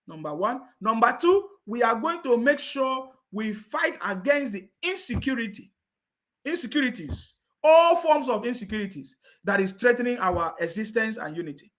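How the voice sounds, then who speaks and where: Big pitch swings mark this man's very high-pitched, fairly bright voice, delivered at normal speed. He's a political commentator ranting online with scorn and insistence, mocking laughs, and frequent check-ins with viewers.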